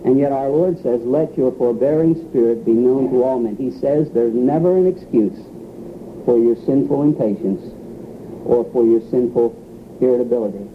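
A man's voice: mid-range voice, moderate pace. A man preaching a sermon in an earnest, emphatic way, acting out the quotes he gives. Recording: tinny phone-like radio broadcast with faint hiss.

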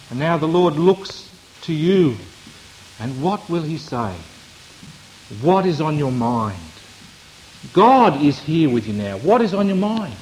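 A man preaching a sermon, repeating phrases for emphasis and swinging between loud appeals and hushed lines. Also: on the high side, a little hiss or hum, rough recording.

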